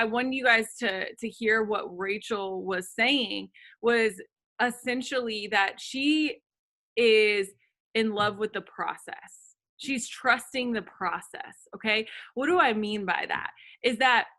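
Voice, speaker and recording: Bright-voiced woman coaching her team. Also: on the high side. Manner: earnest coaching, talks at length. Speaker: team leader on a sales call. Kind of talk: motivational group video call talk. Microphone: video call.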